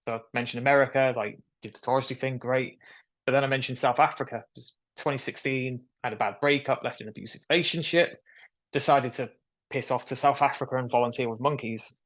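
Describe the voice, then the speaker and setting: A young man tells his story in a casual, animated way. His voice sits at a middle pitch. He is on a video call and jumps into the voices of the people he quotes. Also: brisk. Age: young adult. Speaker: guest.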